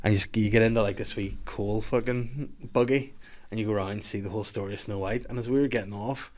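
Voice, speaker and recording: A man in his thirties with a Scottish accent, hosting a podcast and telling an animated, laughing, sweary story. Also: on the low side, fast. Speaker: podcast host. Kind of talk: casual chat, storytelling.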